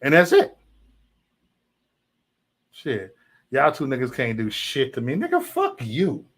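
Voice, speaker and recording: A man's voice: medium pitch, wildly swooping pitch, slow. A man hosting a livestream, ranting heatedly at his chat with lots of profanity and repetition. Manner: profane, heated, repeats himself. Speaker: livestream host. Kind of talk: casual livestream rant to chat.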